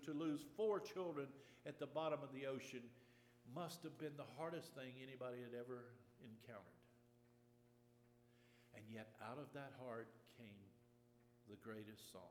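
A man preaching in a church, earnest and deliberate, circling back on his phrases as he tells a story. His voice sits at an ordinary middle pitch and rings out with the long reverb of a big sanctuary, over a faint hum. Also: a little mellow. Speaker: pastor. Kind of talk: sermon with personal storytelling. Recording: long reverb of a large hall.

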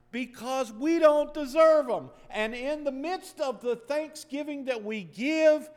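A man's voice: high-pitched, in a large hall. An older man preaching an earnest sermon as pastor, rising to emphatic bursts.

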